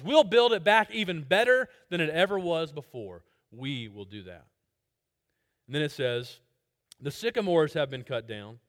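Man preaching, fairly high voice, loud emphatic bursts, soft low asides. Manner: dynamic delivery, swinging from loud emphasis to quiet low asides. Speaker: pastor. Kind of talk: expository sermon.

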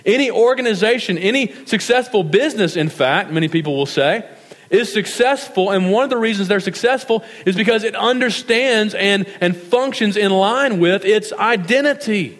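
A man's voice: high-pitched, lively intonation, fairly bright tone. Man preaching in a reverberant church. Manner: earnest preaching, slowing for scripture and prayer. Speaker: pastor. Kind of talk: sermon. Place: church sanctuary. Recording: reverberant hall.

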